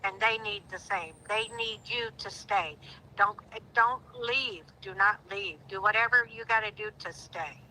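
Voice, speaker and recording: Speaking as a guest in a casual chat, this middle-aged woman is heartfelt and at times grows indignant. Her mid-range voice sounds pushed and bright and moves a little slowly, captured on a rough recording with a little hiss or hum.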